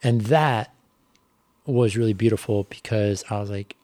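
A man's voice: lowish voice, measured pace, darkish tone, dry recording. A man, a bike racer, telling a personal story on a podcast in a candid, reflective way with lots of fillers. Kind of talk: casual podcast conversation.

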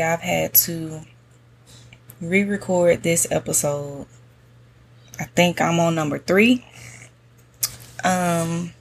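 Slow, soft-spoken woman podcast host. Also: lowish voice, a little hiss or hum. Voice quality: soft monotone voice. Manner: relaxed, slangy, many fillers. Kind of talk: casual solo podcast talk. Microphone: podcast mic on a stand.

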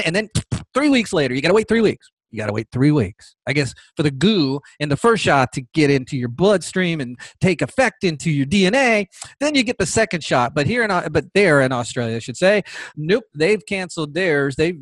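A man from the United States hosting a podcast, talking in a sarcastic, animated monologue that repeats phrases for emphasis. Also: on the high side, no room sound. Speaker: podcast host.

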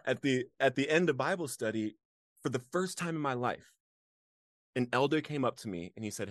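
In clean studio sound with no room noise, a male guest talks a little fast in a mid-range voice. Recounting a personal story for an interview, he stays earnest and emotional, often laughing and growing animated over certain moments.

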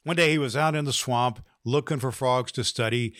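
A man hosting a podcast, earnestly encouraging listeners and telling a slow joke. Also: mid-range voice, a bit bright, no echo, clean studio sound. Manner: earnest, with fillers, slow storytelling. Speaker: podcast host.

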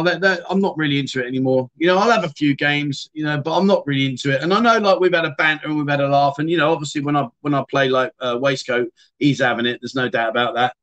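A man's voice: fairly high pitch, fairly bright tone. A middle-aged British man hosting a casual livestream, chatting loosely with viewers, often trailing off and restarting his sentences. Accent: British English. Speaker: livestream host. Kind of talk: casual livestream chat reading viewer comments. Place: home streaming room.

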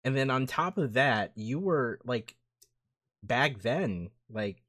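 A man's voice: medium pitch, animated, slow pace, fairly bright tone. A man in his thirties reminiscing in casual chat, enthusiastic and fond, calling his friend dude.

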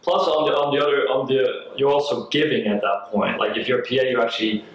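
A man's voice: mid-range voice, fairly even intonation, fast, recorded from a distance, slight background noise. A man hosting a casual chat, reflecting back on what his guest says in a supportive way. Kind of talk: casual conversation. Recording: echoey room from off mic.

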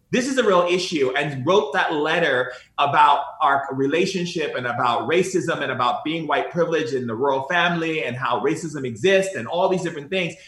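Earnest spiritual guest, male, lighter voice, roomy echo. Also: fairly high pitch. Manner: earnest, animated storytelling, repeats phrases. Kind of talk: spiritual conversation.

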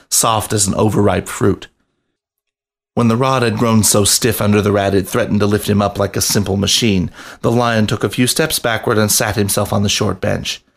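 Low, gravelly male story reader. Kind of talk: reading fiction aloud.

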